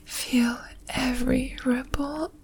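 A woman in a whispered role-play, speaking in breathy, intimate, drawn-out whispers straight to the listener. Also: high voice, fairly even intonation, darkish tone, a little hiss or hum. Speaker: audio role-play performer.

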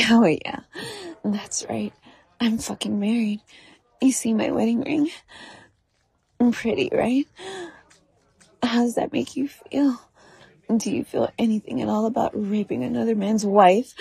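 A woman with a husky, breathy voice that carries a gravelly fry, pitched a little high. She performs an adult audio role-play slowly and teasingly, often sinking into a whisper, recorded dry and close. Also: steady tone, warm tone, no room sound.

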